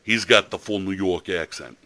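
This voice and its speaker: A man's voice: sits low, normal speed, pushed and bright. A man hosting a podcast in casual chat, chatty and enthusiastic with a rambling way of telling stories. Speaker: podcast host.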